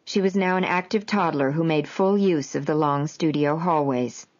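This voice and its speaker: A woman narrating a memoir in the first person, with a measured, even reading. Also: low voice. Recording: dull lo-fi audio.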